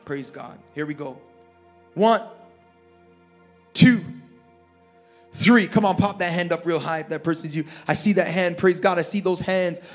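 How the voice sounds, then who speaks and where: A man with a high voice preaches in a large church auditorium, fervent and repetitive, rising into shouts as he leads the room. Soft music plays faintly under him. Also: measured pace, long pauses. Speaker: pastor. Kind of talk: altar call and sermon closing.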